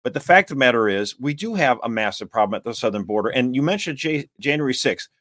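A man hosting a political talk show, speaking in an animated, emphatic and exasperated way. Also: mid-range voice, fast talker, no echo. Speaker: podcast host.

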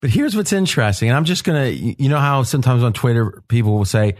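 A man hosting a betting podcast roundtable, telling stories in an animated way and laughing often. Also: medium pitch, fast. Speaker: podcast host. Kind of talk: casual roundtable talk.

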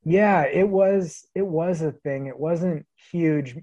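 A man around thirty from the Pacific Northwest, telling stories in a relaxed podcast interview and laughing often. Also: fairly high pitch, slow pace, no room sound, highs cut off. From Vancouver, Washington. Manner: easygoing storyteller, laughs often. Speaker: guest, long-distance hiker.

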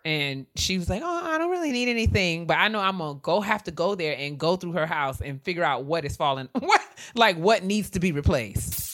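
A woman co-hosting a podcast, telling stories in casual chat and acting out her mother's lines in a raised voice. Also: moderate pace. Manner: animated storytelling, acts out her mother in a higher voice. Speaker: podcast co-host.

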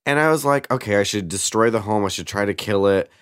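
A man's voice: on the low side, fast, fairly bright tone, clear, resonant tone, no room sound, clean studio sound. A man chatting casually as a podcast guest, telling rambling stories full of "like". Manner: rambling storyteller, heavy use of "like". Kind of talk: casual chat.

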